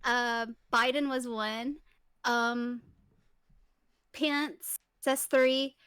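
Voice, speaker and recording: A woman answering quick-fire quiz questions in casual chat, hesitant and giggly, with lots of ums. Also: fairly high pitch, steady tone, fairly bright tone, clear, resonant tone, no room sound, clean studio sound. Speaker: guest streamer with a virtual avatar. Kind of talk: casual game-show chat.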